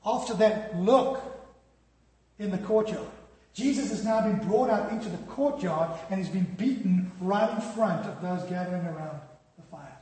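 A man's voice: high-pitched, normal speed, a little mellow. A man preaching a sermon in a storytelling way, with dramatic drops in volume. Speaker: pastor. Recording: echoey hall reverb.

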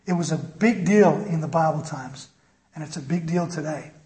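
A man preaching a sermon with impassioned storytelling, swinging from loud to quiet. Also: a little high, moderate pace. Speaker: pastor. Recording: echoey room with faint noise.

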